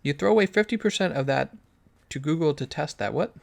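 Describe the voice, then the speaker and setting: Gravelly and a little high, this man's voice moves at a fairly quick, animated clip. He's live-streaming a game, joking around, thinking out loud, and responding to viewer questions in casual play-along commentary.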